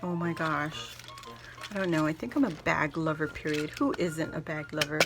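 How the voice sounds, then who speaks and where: A woman's voice: low-pitched, fairly even intonation, normal speed, music in the background. A woman gushing and gasping as she opens craft gifts for her vlog audience. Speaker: craft vlogger opening gifts. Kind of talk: casual gift unboxing.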